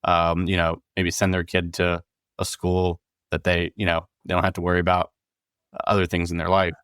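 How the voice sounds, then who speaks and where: A man hosting a podcast, talking in a relaxed, agreeable way with many fillers. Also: low-pitched, moderate pace, clean tone, dry recording, studio quality. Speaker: podcast host. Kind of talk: casual podcast conversation.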